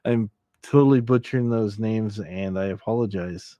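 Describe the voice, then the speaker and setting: A relaxed man hosts a late-night livestream, reading out song requests and laughing at himself. His voice is mellow and unhurried. He sits close in a dry room, with soft guitar in the background. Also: on the low side, dry recording. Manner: jokey, laughs often, reads chat requests aloud. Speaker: livestream host.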